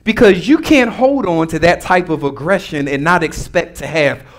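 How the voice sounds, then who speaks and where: High-voiced pastor preaching conversationally. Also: male voice, normal speed. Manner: conversational, humorous preaching with congregation call-and-response. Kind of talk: sermon.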